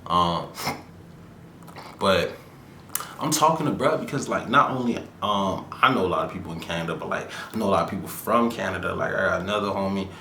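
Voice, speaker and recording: A very deep-voiced man talks loosely and slangily, riffing on everyday life with animated asides. His voice rings in a roomy, echoing space. A faint rumble sits underneath. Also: a little fast. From Florida, USA. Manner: laid-back slangy rant, animated asides. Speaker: podcast host. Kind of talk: casual solo commentary.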